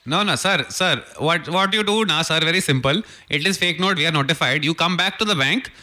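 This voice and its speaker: A man's voice: fairly high pitch, fairly quick, sharp tone. A man voicing a pushy male bank manager in a radio prank call sketch, speaking broken English and repeating "sir" insistently.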